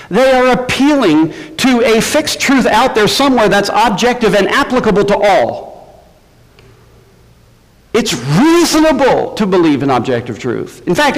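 Animated male preacher in a reverberant hall. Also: high-pitched. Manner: animated, emphatic, rhetorical questions. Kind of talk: sermon.

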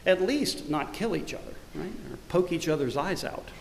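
A middle-aged man, the church's pastor, preaching a sermon; he swells loudly on scripture verses and drops to quiet, conversational asides. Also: a little high, animated, moderate pace, gravelly, roomy sound, long reverb tail, a little hiss or hum. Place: church sanctuary.

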